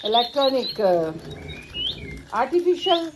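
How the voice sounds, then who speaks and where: A woman coos to her pet bird in a high, bouncy voice, repeating little phrases slowly and breaking into laughter. Loud chirping birds fill the background. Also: very animated, noisy background. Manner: sing-song, repeats short phrases, laughs often. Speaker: bird owner. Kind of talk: affectionate baby talk to a pet bird.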